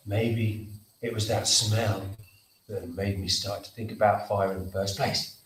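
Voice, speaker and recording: A man's voice: fairly low pitch, measured pace. A man leading an interactive storytelling workshop for children, acting out the story and calling for responses. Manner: animated, leads actions and call-and-response. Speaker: theatre workshop leader. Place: school hall. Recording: echoey hall, distant mic, faint noise.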